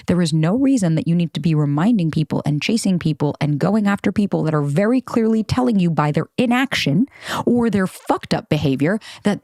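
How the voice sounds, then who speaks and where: A woman in her thirties hosts a solo podcast and tells her own story in a casual, unfiltered way. Her voice sits on the lower side, and she swears freely while acting out old text messages. The sound is close and dry, with no room around it. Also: darkish tone, dry recording. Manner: casual, candid, swears freely, acts out texts. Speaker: podcast host.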